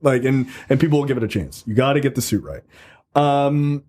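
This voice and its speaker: A man hosting a podcast in casual chat, excitable and laughing, often saying "yo". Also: medium pitch, fairly quick, a little hiss or hum. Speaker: podcast host.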